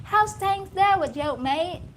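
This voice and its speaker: A woman putting on a mock Australian accent to play a cheery man greeting a mate, loud and high. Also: animated, slow, a little hiss or hum, full character voice.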